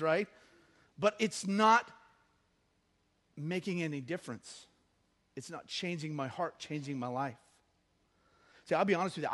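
High-voiced man preaching a conversational sermon. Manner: conversational, humorous, rising to emphatic bursts. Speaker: pastor.

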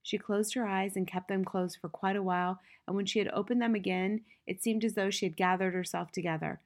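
Expressive woman reading a children's novel. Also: medium pitch, a little fast. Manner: expressive, rising in intensity at dramatic moments. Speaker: audiobook narrator. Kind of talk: scripted storybook narration.

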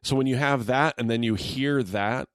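A man's voice: mid-range voice, moderate pace, no room sound, clean studio sound. A middle-aged man co-hosting a podcast in easygoing, rambling casual chat, laughing often. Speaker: podcast co-host.

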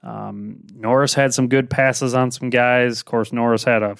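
A man hosts a motorsport podcast and talks through the weekend's results in a loose, rambling way, full of ums and uhs. His voice is smooth and clear at a middling pitch. It sounds close and dry, with no room around it. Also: unhurried, no echo. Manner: relaxed, rambling with many fillers. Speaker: podcast host. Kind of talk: casual motorsport recap.

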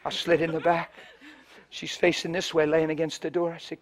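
A male preacher telling a story in a sermon, swinging between loud preaching and hushed, near-whispered storytelling, and acting out the people he quotes. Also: fairly high pitch, flat delivery, normal speed. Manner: acts out the people in his stories in quoted voices.

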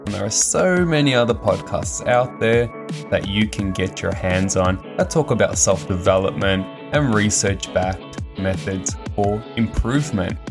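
Man, podcast host, candid, low voice, faint music behind. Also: a little slow. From Australia. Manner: casual and candid, with frequent fillers. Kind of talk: solo podcast monologue.

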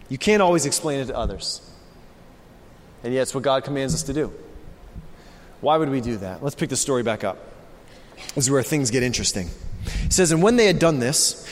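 A man preaching a sermon as pastor, swinging from hushed, low passages to loud, excited ones. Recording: long reverb of a large hall.

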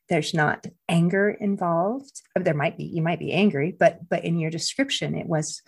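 A middle-aged woman speaking as a podcast guest, explaining her ideas in a measured way. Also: on the low side, steady tone, slightly rough. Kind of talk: conversational podcast talk.

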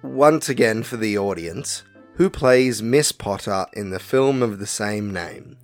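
With faint music behind him, a man whose voice sits on the low side acts as co-host and quizmaster of a casual podcast. He reads each question and its options slowly and deliberately, breaking in with chatty remarks.

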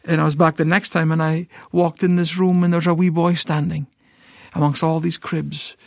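A man's voice: on the high side, level tone, moderate pace, creaky, no echo, clean studio sound. A middle-aged Scottish man telling an emotional personal testimony, stammering and repeating words as he tells it vividly. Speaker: ministry founder, guest.

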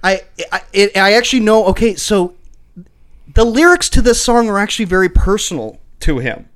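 A man's voice: high-pitched, expressive, moderate pace, fairly bright tone. A man co-hosting a podcast, chatting casually and animatedly, laughing often and acting out voices as he tells stories. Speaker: podcast co-host. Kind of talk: casual chat.

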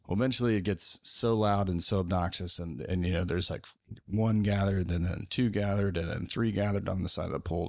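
A man's voice: sits low, steady tone, fairly quick, vocal fry, dry recording. A man hosting a podcast, telling a story in a casual, rambling, self-mocking way with lots of fillers. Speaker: podcast host.

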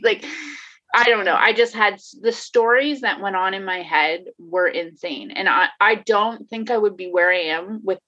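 Candid, laughing woman with bright voice. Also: medium pitch, moderate pace. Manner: candid, laughs often, swears, many restarts. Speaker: guest, life coach. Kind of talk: casual conversation. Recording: dull lo-fi sound.

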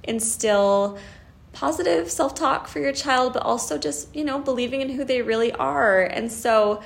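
A woman's voice: high voice, moderate pace, vocal fry. A young woman co-hosting a podcast in casual chat, gushing and laughing often as she talks. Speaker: podcast co-host.

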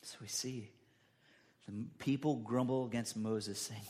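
A man preaching a sermon, acting out the people's words with sudden jumps in pitch and loudness. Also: steady tone, a little slow. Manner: dramatic, acts out quotes with big pitch jumps. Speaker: pastor.

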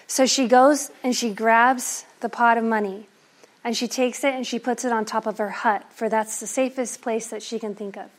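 A woman performing an oral folktale in a lively, playful way. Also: fairly high pitch, moderate pace. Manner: lively, animated, playful asides. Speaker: storyteller.

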